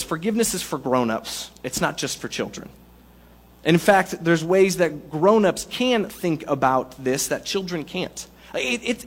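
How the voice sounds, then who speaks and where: A male pastor giving a sermon in a casual, joking way, using everyday analogies. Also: fairly high pitch. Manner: conversational, jokey preaching with analogies.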